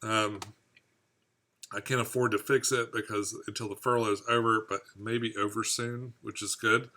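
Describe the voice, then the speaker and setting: A man's voice: fairly low pitch, little pitch movement, normal speed, bright, forceful tone, a little hiss or hum. A man hosting a live fishkeeping stream, reading viewer comments aloud and chatting in a rambling, easygoing way. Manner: rambling, chatty, laughs at own jokes. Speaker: fishkeeping channel host.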